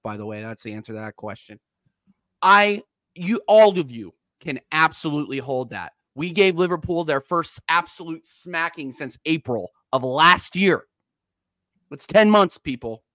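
A man giving a heated, mocking football rant as a stream guest, swinging between loud jabs and muttered asides. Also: high-pitched, dry recording.

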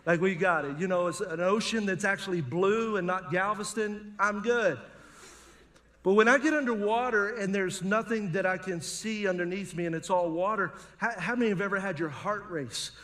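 A man's voice: high-pitched, moderate pace, fairly bright tone. A middle-aged male pastor, preaching a sermon in a conversational, humorous storytelling manner. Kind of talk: sermon with personal stories.

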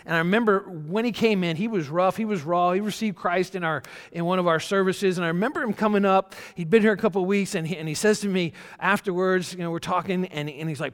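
A pastor delivers a sermon in a high, light voice, speaking in an easy, conversational way with frequent restarts. His words trail off into the long reverb of a large church hall. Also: fast talker, hardly any pauses. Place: church sanctuary.

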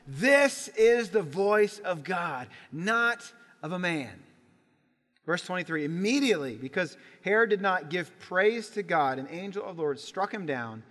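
A man delivers a Sunday sermon, his voice high-pitched and bright. He tells the story with animation, slipping into voices for the people in it. The sound carries a long reverb, the way it does in a church sanctuary. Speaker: pastor.

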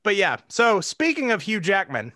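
A man with a high, bright voice that swings widely in pitch, chatting casually. He talks animatedly, peppers his speech with "like," and laughs often. The sound is close and dry. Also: huge pitch swings, moderate pace, dry recording. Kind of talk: casual chat.

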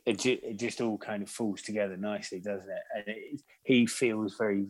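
Husky, low-voiced man chatting. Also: steady tone, moderate pace. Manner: rambling, hesitant, lots of fillers. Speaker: podcast co-host. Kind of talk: casual music chat.

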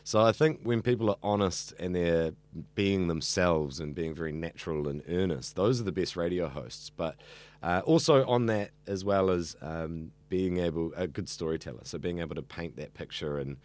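Very deep-voiced earnest young man. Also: normal speed, a little mellow. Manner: earnest, rambling, with many fillers and restarts. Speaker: radio student and evening radio host. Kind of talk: casual interview chat.

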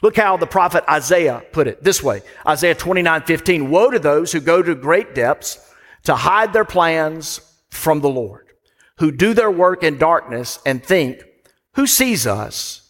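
A man's voice: on the high side, lively intonation, unhurried, a bit bright. A man delivering a sermon as pastor, conversational and storytelling, with asides to the congregation. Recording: long hall reverb.

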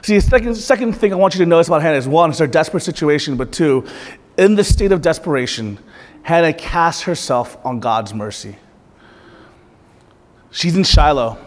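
A man's voice: fairly high pitch, lively intonation, quick pace. A male pastor preaching a sermon in a church, earnest and direct, often putting questions to the congregation. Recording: reverberant church hall.

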